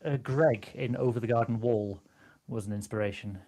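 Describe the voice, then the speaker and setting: Lively man, laughing. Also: mid-range voice, normal speed, a crowd in the background. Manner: animated, laughs often, slips into character voices. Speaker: guest game master. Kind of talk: casual chat about voice acting.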